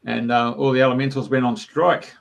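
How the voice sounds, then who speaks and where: A man with a gravelly, creaky voice at a middle pitch. He rambles through his stories in an easy, chatty way, full of fillers. He sounds like a guest talking at ease in an interview. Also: level tone, brisk, dull audio. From Australia. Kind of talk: casual storytelling.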